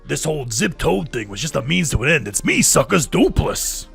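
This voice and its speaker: A man's voice: medium pitch, very fast, slightly rough, faint music behind, natural voice. A man voicing a sneaky, shapeshifting male trickster ghost in a video game, brash and taunting.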